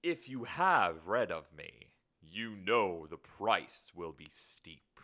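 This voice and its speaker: A man voicing a menacing male demon, drawing out grand, archaic pronouncements slowly. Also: lowish voice, very animated, pushed and bright, exaggerated voice. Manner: slow, drawn-out, archaic pronouncements.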